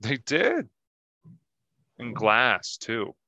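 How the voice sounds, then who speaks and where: A man's voice: medium pitch, huge pitch swings, drawn-out words, creaky, sharp tone, dry recording. A man co-hosting a comedy podcast, rambling casually and swearing freely. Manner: rambling and profane. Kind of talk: casual chat.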